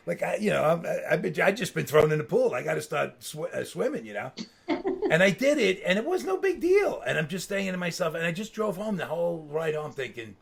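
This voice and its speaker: A middle-aged man, a guest, telling stories in casual, animated conversation, laughing and swearing as he goes. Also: on the high side, fairly quick, gravelly, breathy edge. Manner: animated anecdotes, swearing, laughing mid-sentence. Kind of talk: casual storytelling.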